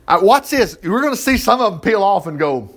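A middle-aged man, teaching the Bible in a folksy, animated way with chuckling asides. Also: sits high, fairly quick. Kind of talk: informal Bible study commentary.

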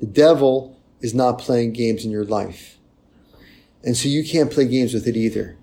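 A man preaching in a loose, conversational way, with a gravelly edge to his voice that sits at a middling pitch. He keeps checking in with his listeners and drops into a hushed tone when he acts out a penitent's words. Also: a little slow. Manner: lively and conversational, often tagging "right?". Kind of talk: sermon.

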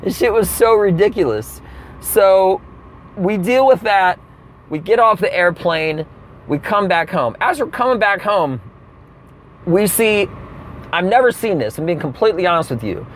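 Animated high-pitched comedian, profane storytelling. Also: male voice, measured pace, slight background noise. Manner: animated, profane, bursts into exaggerated outbursts.

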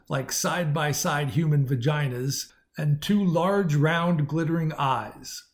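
Fairly high-voiced male story narrator. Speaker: audiobook narrator. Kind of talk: scripted narration.

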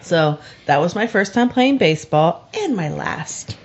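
A woman's voice: on the low side, expressive, a little slow, slight background noise. A woman co-hosting a podcast, telling a story in frank casual chat with fillers and swearing. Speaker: podcast co-host. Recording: dull lo-fi recording.

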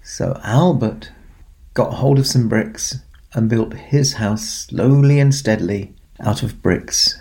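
A man telling a bedtime story, gentle and expressive, leaning on long pauses. His pace is slow and unhurried. His voice is gravelly and husky. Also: lowish voice. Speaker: storyteller in a Santa persona. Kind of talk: children's storytelling.

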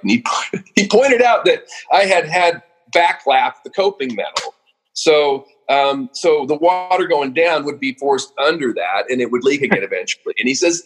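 A husky man in his fifties from Oregon recounts his working life as an interview guest. His delivery is earnest and emotional, full of small restarts and repeated words. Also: on the high side, animated, normal speed. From Oregon, USA. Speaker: guest, company founder. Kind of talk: storytelling interview.

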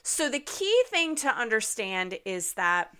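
A woman's voice: fairly high pitch, sing-song, takes it slowly, pushed and bright, smooth. A woman hosting her podcast in a chatty, upbeat way, with a slightly nasal voice and a lingering cough from a recent illness. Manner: chatty and upbeat, frequent ums. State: recovering from illness, occasional cough. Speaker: podcast host. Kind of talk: casual podcast monologue.

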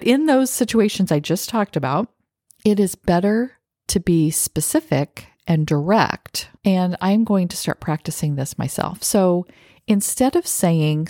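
A woman's voice: lowish voice, lively intonation, measured pace, warm tone, dry recording, clean studio sound. A middle-aged woman hosting a solo podcast, talking earnestly and reflectively about her own habits and acting out short example phrases. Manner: earnest, self-reflective, acts out little quoted phrases. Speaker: podcast host.

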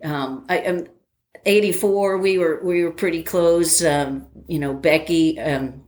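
An older woman in a casual interview, telling an animated story with many fillers and laughing at herself. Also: low-pitched, measured pace. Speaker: interviewee, former academy track athlete.

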